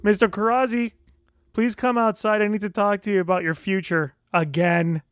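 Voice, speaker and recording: A blunt, exasperated older male doctor, as a high-voiced podcast host puts him on, sounding fed up as he talks. He is heard close and dry, with no room echo. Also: steady tone, normal speed, smooth, close to an everyday voice.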